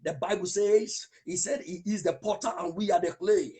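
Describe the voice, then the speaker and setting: A man's voice: high-pitched, normal speed, few pauses, dark tone, slightly rough. A man preaching a fervent prophetic sermon, telling testimonies and speaking in tongues.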